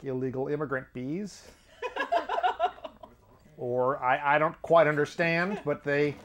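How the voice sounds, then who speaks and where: A man hosting his own comedy show, delivering a rambling monologue with offhand, sardonic asides and chuckling at his own jokes. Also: fairly high pitch. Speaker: host.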